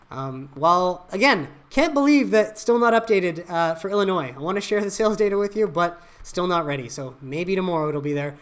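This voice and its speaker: A host giving casual, opinionated market news commentary, reading headlines aloud and adding blunt asides. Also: medium pitch. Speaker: channel host.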